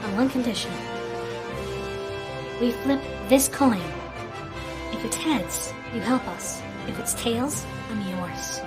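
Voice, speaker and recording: A woman streamer voicing a determined young female former general, reading the game's lines in a quiet, low-key way. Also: expressive, slow pace, pauses often, loud music behind the voice. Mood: sly.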